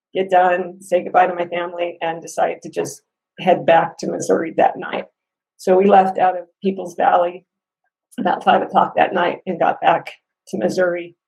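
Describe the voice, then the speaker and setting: A woman telling a complaint story in a casual spoken review, animated, laughing between lines and acting out what people said, sounding upset and near tears. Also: fairly low pitch, gravelly, low-quality recording.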